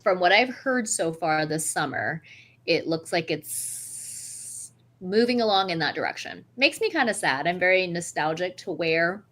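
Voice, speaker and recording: A woman co-hosting a casual chat, giving her view in a calm, measured way. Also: on the low side.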